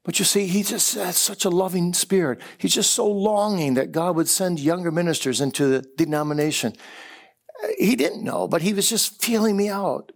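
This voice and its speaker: A man's voice: high-pitched, vocal fry. A man preaching a chapel sermon, telling stories earnestly and sometimes repeating words as he builds. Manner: earnest storytelling, repeats words when excited. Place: chapel service.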